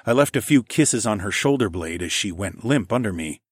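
Low, husky male narrator. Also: lively intonation, brisk, no echo, clean studio sound. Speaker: audiobook narrator. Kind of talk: first-person story narration.

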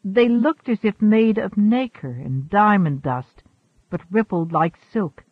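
A man reading a science fiction story aloud as an audiobook narrator, in a measured way, lightly voicing the characters. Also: high-pitched, animated, slightly rough, no echo. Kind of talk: scripted narration. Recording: tinny phone-like sound.

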